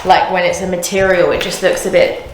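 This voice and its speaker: A woman's voice: fairly low pitch, brisk, noisy background. Chatty young woman in an echoey room. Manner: chatty, excitable, candid opinions. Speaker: unboxing vlogger. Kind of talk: casual chat to camera.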